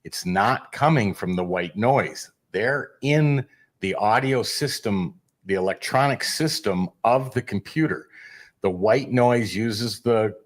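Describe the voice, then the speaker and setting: A man as a guest researcher, explaining at length in a measured, lecturing way. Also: on the low side. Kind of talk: explanatory interview talk.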